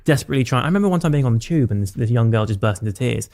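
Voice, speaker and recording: Gravelly man in his thirties. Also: medium pitch, expressive, darkish tone. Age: 30s. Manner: candid, reflective, many fillers and quick asides. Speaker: podcast guest. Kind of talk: casual conversational interview.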